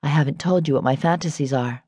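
A woman's voice: low-pitched, fast, warm tone, husky, no room sound. A woman voicing a guarded adult woman who talks in a dry drawl, in a dry audiobook recording.

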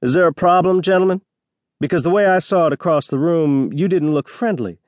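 A man's voice: a little high, fairly quick, darkish tone, no room sound, pitched above the performer's own voice, lightly acted. A male narrator voicing a confident, amused soldier who drawls easily. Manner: drawling, easygoing.

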